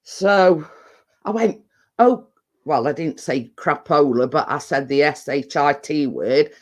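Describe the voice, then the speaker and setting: Speaking slowly in a low-pitched voice, a middle-aged woman chats on her vlog. Her storytelling rambles and is full of filler words and restarted sentences.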